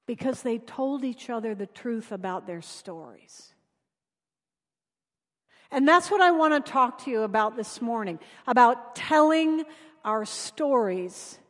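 A woman preacher tells stories in a sermon, earnest and often dropping soft for emphasis. Her voice sits high. A long reverb fills the church around her. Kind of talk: sermon with storytelling.

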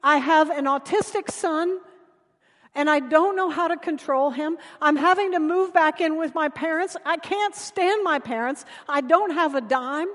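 A woman's voice: high-pitched, measured pace, a bit bright, long reverb tail, voice pushed up. A woman preacher voicing a stressed, tearful young wealthy woman who pours out her troubles and apologizes. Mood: distraught. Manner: pleading, apologetic outpouring.

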